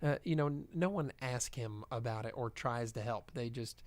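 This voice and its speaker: Laid-back man with a smooth voice. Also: mid-range voice, moderate pace, a little mellow, dry recording. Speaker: podcast co-host. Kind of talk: casual movie review chat.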